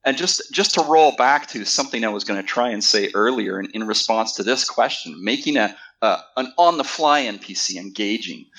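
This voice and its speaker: A man's voice: on the low side, expressive, moderate pace, few pauses, fairly bright tone, rough recording. A man in a casual panel discussion, giving thoughtful advice on running tabletop game characters.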